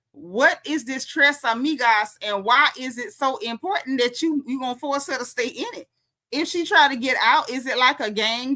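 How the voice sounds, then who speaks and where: A woman casually recapping reality TV, telling it as an animated story and acting out the quotes. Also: high voice. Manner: animated storytelling, acts out quotes, frequent laughs.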